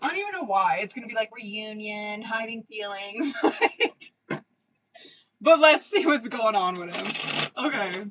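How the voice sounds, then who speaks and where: Profane, excitable woman reading tarot live. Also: medium pitch, a little slow, noisy background. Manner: profane, excitable, laughs often; slangy, chatty, addresses viewers as girl and boo. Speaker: tarot reader. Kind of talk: casual live-stream reading.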